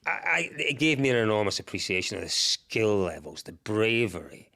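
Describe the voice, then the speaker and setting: A man who is a guest on a podcast, telling vivid, excitable stories in casual chat and swearing freely. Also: fairly low pitch, moderate pace, creaky. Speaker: podcast guest, rally commentator. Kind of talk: animated storytelling in casual chat.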